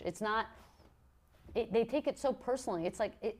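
A woman from Montreal, a podcast guest telling blunt, animated stories in casual chat, often restarting her sentences. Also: mid-range voice, fast. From Montreal, Canada.

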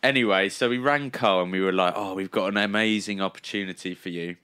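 A man's voice: sits low, fast, pushed and bright, clear, resonant tone. A young man co-hosting a podcast, telling a prank story in a laughing, teasing way. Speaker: podcast co-host. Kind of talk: casual chat.

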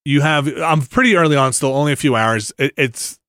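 A man's voice: on the high side, fairly quick, a bit bright, dry recording, clean studio sound. A middle-aged man co-hosting a podcast, chatting casually about video games and rambling through restarts and fillers. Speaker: podcast co-host.

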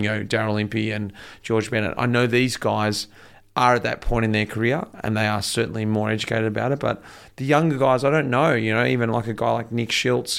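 A man, a former pro cyclist, chatting casually and telling lively anecdotes. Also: medium pitch, gravelly, clear, resonant tone. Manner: chatty storyteller, colourful quoted voices. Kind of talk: casual chat.

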